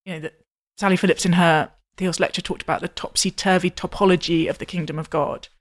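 A woman hosting a podcast, chatty and animated, given to long self-interrupting interjections. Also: lowish voice, fast talker. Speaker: podcast host. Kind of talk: podcast conversation.

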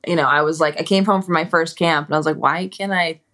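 A woman from Minnesota, a guest in an interview, telling stories in a relaxed way with lots of fillers. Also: deep voice, fast talker. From Minnesota, USA. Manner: relaxed storytelling with many "you know" fillers and quoted asides. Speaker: guest, retired ski racer. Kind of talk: casual interview chat.

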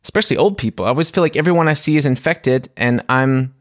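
A man hosting a podcast in casual chat over a phone call, relaxed and swearing freely. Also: mid-range voice, quick pace, no room sound, clean studio sound. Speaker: podcast host.

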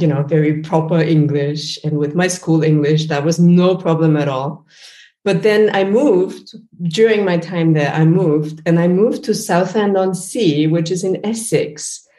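Austrian woman, low voice, roomy echo. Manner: animated storytelling, frequent fillers. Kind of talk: casual conversation.

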